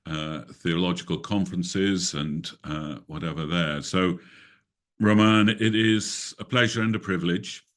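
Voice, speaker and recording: A man's voice: deep voice, steady tone, a little slow. A man with an English accent hosting an online prayer meeting, genial and rambling over a video call. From England. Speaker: host.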